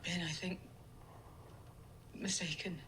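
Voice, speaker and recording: Brief: a worn-out queen, soft and confessional. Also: on the low side, steady tone, takes it slowly, very noisy. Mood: weary. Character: weary dutiful queen seeking freedom.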